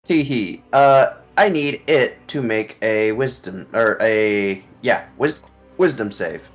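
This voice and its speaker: A man's voice: lowish voice, slow, soft background music. A man playing a tabletop game, hesitant with many fillers and playful. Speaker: player. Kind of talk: casual tabletop game play.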